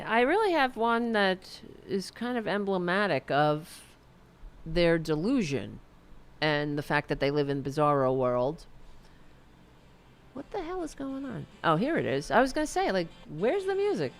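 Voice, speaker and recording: A woman's voice: lowish voice, clean tone. A woman hosting a political talk show, blunt and sarcastic, swearing freely and often stopping to restart her sentences. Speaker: political commentary host.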